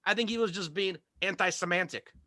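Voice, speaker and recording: A man's voice: high-pitched, a little fast, bright, forceful tone, dry recording. A man doing a stand-up comedy set over a video call, telling wry stories that build to punchlines. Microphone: video call microphone.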